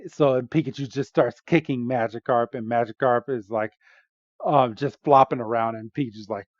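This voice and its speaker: A man hosting a podcast, retelling a movie scene by scene in a casual, animated way with frequent fillers. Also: medium pitch, normal speed, dry recording, lo-fi sound. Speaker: podcast host. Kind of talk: casual movie recap chat.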